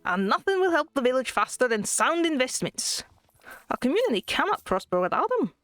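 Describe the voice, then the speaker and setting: Lady doing a stingy old scottish duck boss, pitched up, wobbly brogue. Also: very animated, brisk, a bit bright, no room sound. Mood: pompous. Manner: reading on-screen dialogue aloud in a raised, attempted brogue. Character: miserly old male Scottish duck tycoon. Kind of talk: reading game dialogue aloud.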